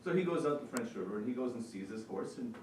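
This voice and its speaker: A man's voice: mid-range voice, animated, fast talker, darkish tone, a little hiss or hum. A man giving an earnest, storytelling speech as a small business consultant at a forum. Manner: storytelling, earnest, repeats himself for emphasis. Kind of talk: motivational speech to an audience. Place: meeting hall. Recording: echoey hall, mic far off, faint ambience.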